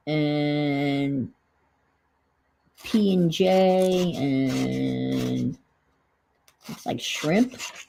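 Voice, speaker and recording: A woman's voice: sits low, creaky, mellow, a little hiss or hum, low-quality recording. A middle-aged woman with a New England accent, chatting casually on a livestream, reminiscing and reading viewer comments aloud. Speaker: livestream host.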